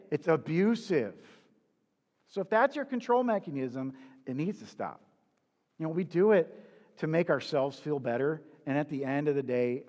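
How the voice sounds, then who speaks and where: A man's voice: fairly high pitch, a little mellow, big-room sound, lo-fi sound. A man preaching in a conversational, confessional way, asking the listener rhetorical questions. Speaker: pastor. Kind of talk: sermon.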